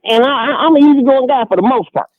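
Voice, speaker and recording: A man's voice: extremely high pitch, fast, a crowd in the background. A frustrated man calling in, rambling with stammered restarts and repeating the host's name. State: frustrated and agitated. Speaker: caller. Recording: dull phone line.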